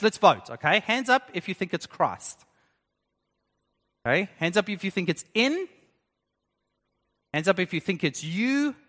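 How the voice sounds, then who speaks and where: A man's voice: high-pitched, fairly bright tone. A man preaching a sermon as pastor, chatty and engaging the congregation with questions. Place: church hall. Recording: long church reverb.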